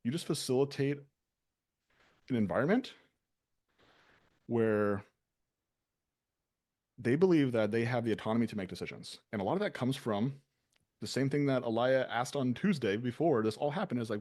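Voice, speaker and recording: A man's voice: medium pitch, expressive, moderate pace, pauses often, darkish tone. A man hosting a casual business talk, loose and conversational, with many fillers. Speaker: business owner and show host.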